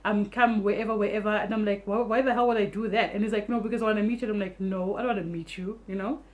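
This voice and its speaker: Young woman vlogger, rapid animated storytelling, salty language, casual. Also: medium pitch. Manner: fast, animated storytelling, swears freely.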